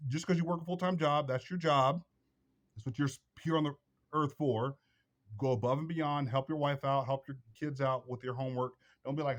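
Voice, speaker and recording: A man's voice: mid-range voice, moderate pace. A man hosting a vlog, giving blunt advice in a preachy, repetitive, emphatic monologue. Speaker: vlog host.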